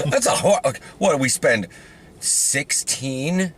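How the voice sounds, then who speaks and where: A man chatting casually in a car, joking with quick asides. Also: medium pitch, animated, a little hiss or hum. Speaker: vlogger, football player. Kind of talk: casual chat.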